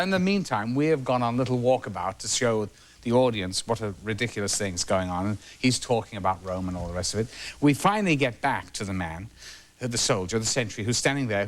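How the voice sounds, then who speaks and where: A man, a talk show guest telling lively anecdotes and trailing off between phrases. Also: medium pitch. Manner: animated, trails off, acts out the people he quotes. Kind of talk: anecdotal storytelling.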